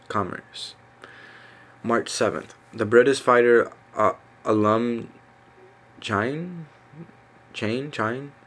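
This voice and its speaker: A man reading a list aloud in a casual, halting way, stumbling over names with fillers and self-corrections. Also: on the low side. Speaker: reader. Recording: faint background noise.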